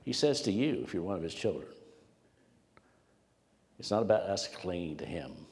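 A man's voice: low-pitched, expressive, normal speed, a little mellow. A man preaching a sermon to a congregation, in an emphatic storytelling way that repeats words for weight. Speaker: pastor. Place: church sanctuary with congregation. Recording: long church hall reverb.

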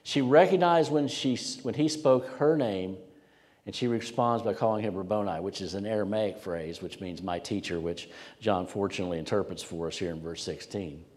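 Male pastor, low voice, emphatic storyteller, long church hall echo. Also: normal speed, a little mellow. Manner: emphatic, storytelling, repeats words for weight. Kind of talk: sermon. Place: church sanctuary with congregation.

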